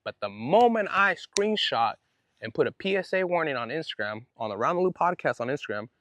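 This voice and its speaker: A man's voice: a little high, big pitch swings, fairly quick, a bit bright. A man hosting his own podcast, telling a story in an indignant, fired-up way with casual slang. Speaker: podcast host. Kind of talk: solo podcast monologue.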